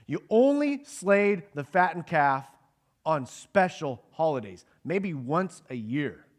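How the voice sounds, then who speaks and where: A man's voice: on the high side, sing-song, takes it slowly. A man preaching a sermon to a congregation in a conversational way, asking them questions and acting out the lines of the people in the passage. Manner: acts out the characters' quoted lines. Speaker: pastor teaching a Bible passage.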